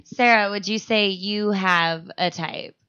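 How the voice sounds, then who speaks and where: A woman's voice: medium pitch, fairly even intonation, slow pace, sharp tone, clean tone, muffled recording. A woman co-hosting a comedic podcast, reacting and asking follow-up questions in casual chat. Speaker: podcast co-host.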